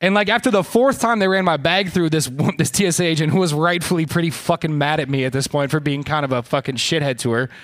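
A man's voice: a little high, fast, hardly any pauses, fairly bright tone. A man on a live podcast, telling a rambling, profane, self-mocking story as co-host.

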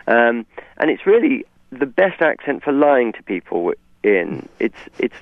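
Gravelly English man on a phone line. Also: mid-range voice, big pitch swings, unhurried, no echo. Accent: English received pronunciation. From England. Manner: articulate, discursive, many restarts. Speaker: author guest. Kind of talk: radio interview.

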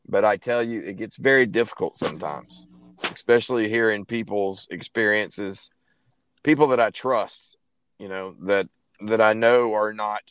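A man hosting a casual podcast chat in a relaxed, open-minded way. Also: fairly low pitch, clean tone, no echo. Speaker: podcast host.

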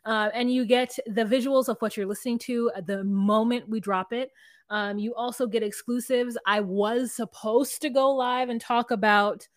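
Woman co-host, fairly high voice, dry close sound, chatty recap delivery. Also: moderate pace, no room sound. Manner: animated, acts out quotes of reality TV people. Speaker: podcast co-host. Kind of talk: casual recap chat.

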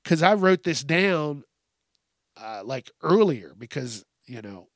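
A man's voice: fairly high pitch, very animated, slow pace, dry recording, studio quality. A man hosting a podcast, ranting with heated, sweary sarcasm. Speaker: podcast host. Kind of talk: profane comedic rant.

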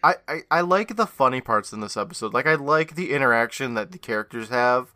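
A man's voice: medium pitch, expressive, brisk, pushed and bright. A young man co-hosting a podcast, chatting casually in a laid-back, rambling way with lots of fillers. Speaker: podcast co-host. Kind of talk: casual chat.

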